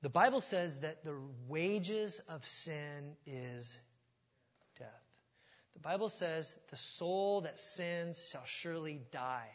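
A male pastor delivering a sermon, talking conversationally and then building to loud, emphatic stretches. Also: a little high, lively intonation, slow pace, in a large hall. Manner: conversational preaching that swells to loud, emphatic passages.

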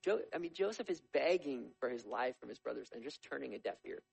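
A man preaching a sermon as a lively storyteller, with humorous asides. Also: medium pitch, fast, creaky, slightly rough, no echo, rough recording. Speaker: pastor.

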